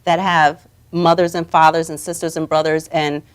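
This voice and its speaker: A woman hosting a live talk show, coaching her guests to say affirmations out loud. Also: deep voice, little pitch movement, moderate pace, smooth. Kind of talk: motivational talk show chat. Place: studio or room, streamed live.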